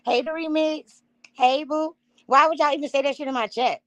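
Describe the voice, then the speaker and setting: A woman's voice: sits high, fairly even intonation, moderate pace, fairly bright tone, dry recording. A woman talking casually on a livestream, blunt and profane, speaking straight to her chat while she gets herself together. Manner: loose and unprepared, stops to fumble with things.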